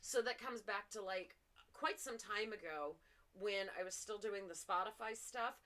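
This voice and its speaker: A young woman co-hosting a casual podcast chat, trading dark humor about killers and swearing casually, with lots of fillers. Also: medium pitch, normal speed. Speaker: podcast co-host.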